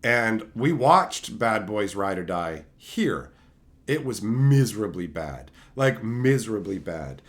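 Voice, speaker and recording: A man's voice: fairly low pitch, big pitch swings, takes it slowly. A man streaming live, ranting sarcastically and profanely while answering chat. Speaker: streamer reviewing and chatting. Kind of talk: casual livestream rant.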